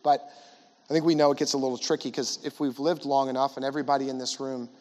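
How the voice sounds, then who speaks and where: A man's voice: medium pitch, level tone, fast, darkish tone. A man in his forties gives a conversational chapel talk to students in a large school hall. He keeps asking the audience questions and adding "right?". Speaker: guest speaker at a school chapel. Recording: long hall reverb.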